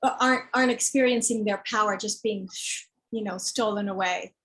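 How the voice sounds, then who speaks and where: A woman's voice: medium pitch, fairly quick, fairly bright tone, low-quality recording. A woman author talking frankly and emphatically about her children's book, acting out other people's words and sometimes swearing. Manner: swears when heated. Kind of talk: candid conversation.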